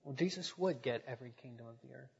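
A man's voice: medium pitch, fast, gravelly, breathy edge. Preaching man in an echoey hall. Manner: preaching with swells in volume, then dropping quiet. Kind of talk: sermon. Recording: dull echoey sanctuary recording.

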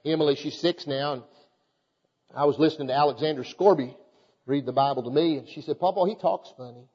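An older man preaching a fervent sermon to a congregation, calling out to them and reading scripture aloud in a measured cadence. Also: mid-range voice, fairly even intonation, a little mellow, breathy edge. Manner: fervent, exhorting preaching with rhetorical calls to the congregation. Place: church hall before a congregation. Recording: echoey hall, dull lo-fi sound.

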